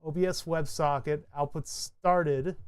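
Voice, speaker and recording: Halting man muttering while debugging. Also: a little high, fairly even intonation, clear, resonant tone. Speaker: streamer. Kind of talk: casual live-stream thinking aloud.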